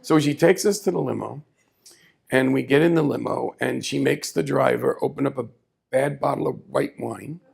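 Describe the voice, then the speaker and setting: A man telling a story live on a small café stage, with a very gravelly, husky voice. He is chatty and animated, stopping for asides to the audience. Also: medium pitch, moderate pace.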